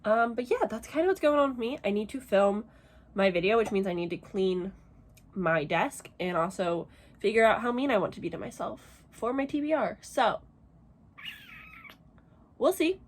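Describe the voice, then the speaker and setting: A woman's voice: medium pitch, expressive, moderate pace, pauses often. A woman chatting casually to camera at home as a reading vlogger, gushing and exclamatory, swearing freely. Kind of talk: casual vlog chat to camera.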